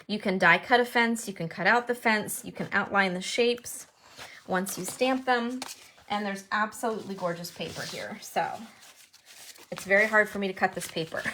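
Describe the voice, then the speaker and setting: A woman's voice: medium pitch, fairly bright tone, slight background noise. Chatty woman showing off handmade cards. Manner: chatty and enthusiastic, thinking aloud. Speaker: card-making demonstrator. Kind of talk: casual show-and-tell crafting video.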